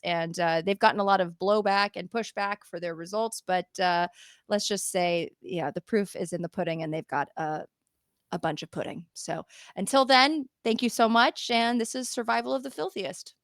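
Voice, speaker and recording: A woman's voice: medium pitch, normal speed, dry recording, clean studio sound. A woman hosting a podcast in casual interview chat, chatty and laughing often, with frequent restarts. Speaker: podcast host.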